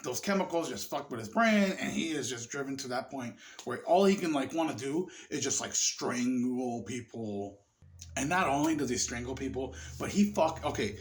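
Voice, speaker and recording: A man with a somewhat high-pitched voice talks through a film in a loose, rambling way. He curses freely and gets carried away with excitement, sounding a little tipsy. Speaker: movie reviewer. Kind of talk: casual film review.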